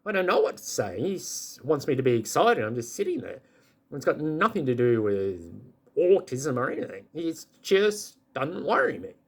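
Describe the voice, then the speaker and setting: Gravelly older man rambling. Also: moderate pace. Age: 50s or older. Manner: rambling, chuckling, pitch jumping up when excited. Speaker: vlogger. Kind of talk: rambling casual monologue.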